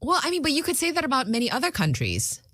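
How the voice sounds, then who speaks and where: A woman co-hosting morning radio, relaxed with dry quips. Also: high-pitched, fast talker, dry recording. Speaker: radio co-host. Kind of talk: casual morning radio banter. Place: radio studio.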